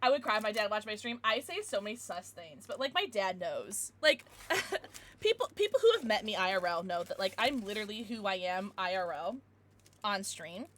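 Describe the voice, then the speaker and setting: A woman's voice: mid-range voice, sing-song, moderate pace, a bit bright, a little hiss or hum. A young woman livestreaming, chatting casually and giggling with her chat, thanking followers.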